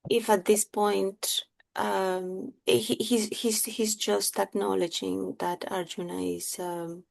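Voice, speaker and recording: Slow, gravelly woman asking hesitantly. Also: mid-range voice, little pitch movement, a little mellow, dry recording. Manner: halting, many "um" and "uh" pauses. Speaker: class participant. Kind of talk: hesitant question in study group.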